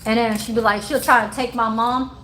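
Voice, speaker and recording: A woman's voice: on the high side, fairly even intonation, a little fast, fairly bright tone, slight background noise, poor audio. Profane laughing woman in her forties. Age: 40s. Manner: profane, laughing storyteller who talks to her chat. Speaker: livestream host. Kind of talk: casual livestream chat.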